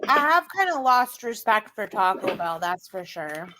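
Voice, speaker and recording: A woman hosting a casual live-stream chat, profane and excitable, laughing often. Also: mid-range voice, normal speed, rough recording. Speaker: live stream panel host.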